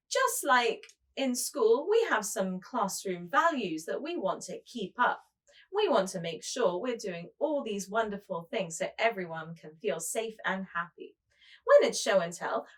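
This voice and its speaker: A woman preschool teacher leading a show-and-tell lesson, speaking slowly and in a sing-song way to small children. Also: a little high, fairly bright tone.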